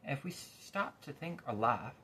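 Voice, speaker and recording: A man's voice: medium pitch, very animated, normal speed, sharp tone, a little hiss or hum. A man voicing lazy, drowsy little creatures in a storybook reading, with a sleepy, whining manner.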